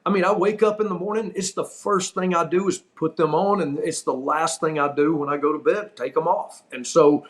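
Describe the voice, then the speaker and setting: A middle-aged man with a somewhat high-pitched voice recounts a story on his podcast. He talks casually and with feeling, repeats his words for emphasis, and chuckles through the funny parts. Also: moderate pace, few pauses. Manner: animated, laughs while telling the story; emphatic, repeats himself for effect. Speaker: podcast host.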